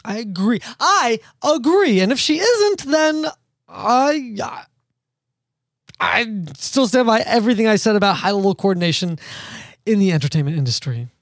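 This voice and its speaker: A man's voice: high-pitched, sing-song, normal speed, vocal fry, dry recording. A man hosting a podcast in casual chat, sardonic and rambling, laughing often. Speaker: podcast host.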